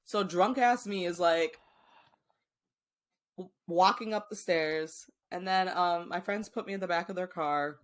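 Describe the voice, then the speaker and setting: A woman co-hosting a podcast, telling a story in casual chat, animated and laughing often. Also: lowish voice, a little slow. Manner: animated, laughs often, acts out voices in quotes. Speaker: podcast co-host.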